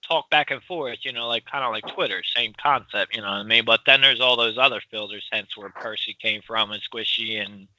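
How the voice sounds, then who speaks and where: A man from Philadelphia with a Philly accent, co-hosting a casual chat, loud and rambling with frequent laughs. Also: fairly low pitch, a little fast, hardly any pauses, no room sound, rough recording. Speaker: podcast co-host.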